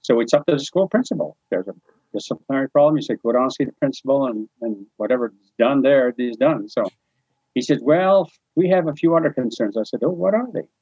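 In a dry, slightly muffled recording with no room sound, an interviewee from New Brunswick, Canada, shares memories of his life in a casual spoken style. His husky, medium-pitched voice moves a little fast, and he animatedly acts out conversations, chuckling often.

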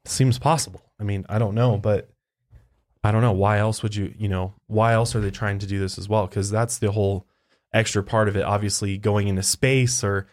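A man's voice: fairly low pitch, steady tone, normal speed, darkish tone. A man co-hosting a podcast, talking in a loose, rambling way and swearing casually. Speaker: podcast co-host.

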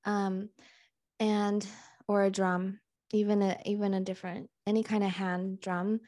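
Calm, mellow-voiced woman channeler. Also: mid-range voice, unhurried, no room sound, studio quality. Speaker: podcast host and channeler. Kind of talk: guided channeling session.

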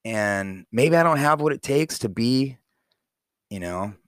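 In a casual, heartfelt monologue to his young daughter, a man in his forties speaks bluntly, profanely, and plainly, rambling with many fillers. His mid-range voice is animated and unhurried, fairly bright, clear, and resonant. The recording is dry, with clean studio sound.

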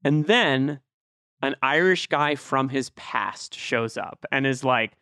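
A man's voice: medium pitch, slow pace, creaky, bright, forceful tone, clear, resonant tone, no room sound, studio quality. A man co-hosting a film podcast, laying out a reflective counter-argument in casual chat. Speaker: podcast co-host.

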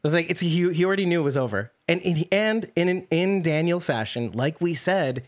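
A man co-hosting a casual TV recap podcast, rambling and animated, swearing now and then. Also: a little high, a little fast. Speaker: podcast co-host.

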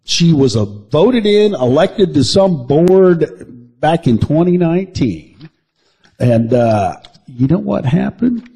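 A man's voice: on the high side, big pitch swings, slow, gravelly, warm tone, breathy edge. A man co-hosting a crude comedy news podcast, rambling and teasing with mock outrage. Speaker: podcast co-host.

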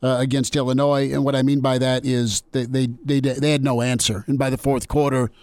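A man's voice: mid-range voice, flat delivery, a little fast, a little mellow, dry recording. A man hosting a sports radio show, talking casually and repeating words as he restarts. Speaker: radio host.

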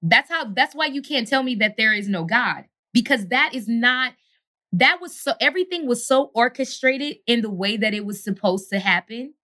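A woman's voice: on the high side, lively intonation, normal speed, sharp tone. A woman in her thirties, an actress and singer, telling her story as an interview guest in an earnest, heartfelt way, often asking "you know what I'm saying?".

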